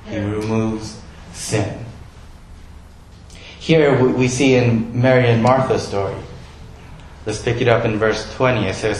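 A man's voice: lowish voice, fairly even intonation, measured pace, pauses often, reverberant, rough recording. A male pastor giving a sermon in a conversational way, asking his listeners questions.

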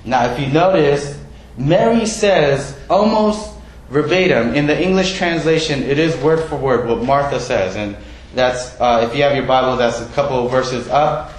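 A man's voice: mid-range voice, normal speed. Conversational male pastor in an echoey room. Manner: conversational, self-deprecating, asks the congregation questions. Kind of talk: sermon.

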